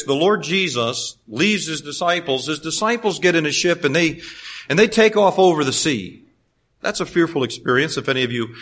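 Pastor guy preaching, voice a bit high, goes loud then real quiet, jokey folksy asides. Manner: animated preaching, swinging from loud to hushed. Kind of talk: sermon.

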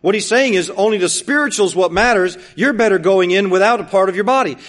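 Pastor, man, high voice, insistent sermon with hushed asides. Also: quick pace. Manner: emphatic, repetitive rhetorical questions, swings between loud and hushed.

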